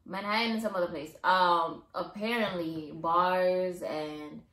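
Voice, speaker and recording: Young woman co-host, lowish voice, blunt and profane, roomy echo. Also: steady tone, unhurried, fairly bright tone. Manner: blunt, swears freely, hesitant fillers. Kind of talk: casual chat. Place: shared home.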